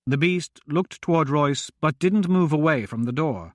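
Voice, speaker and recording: A man narrating a fantasy audiobook in a measured, expressive reading. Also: a little high, no echo, clean studio sound.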